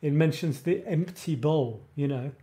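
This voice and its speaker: This creative writing show host speaks unhurriedly in a slightly high, mellow voice. During his casual live-stream chat he wanders off topic, often breaking off mid-sentence with a laugh at himself.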